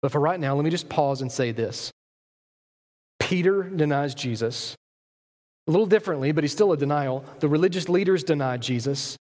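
A man's voice: on the high side, normal speed, darkish tone. A man preaching a sermon, retelling a Bible story and acting out its characters in their own voices. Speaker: pastor. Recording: long hall reverb.

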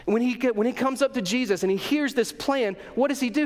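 A man preaching a sermon as a pastor, telling the story in a lively way and acting out the voices. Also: very high voice, fairly quick, in a large hall.

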